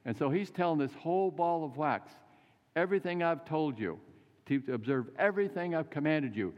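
An older man preaching a folksy, animated sermon in a church. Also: on the high side, normal speed. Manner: folksy, animated storytelling with acted quotes. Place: church sanctuary. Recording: muffled church recording with long reverb.

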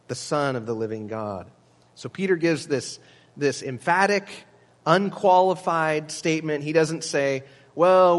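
A man's voice: a little high, in a large hall. A man preaching a sermon as pastor, earnest and emphatic, with teaching asides to the congregation.

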